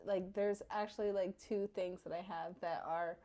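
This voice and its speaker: A woman's voice: mid-range voice, steady tone, normal speed, warm tone. A woman in her thirties co-hosting a podcast, chatting casually and freely with lots of "you know" and "like". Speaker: podcast co-host. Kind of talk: casual chat.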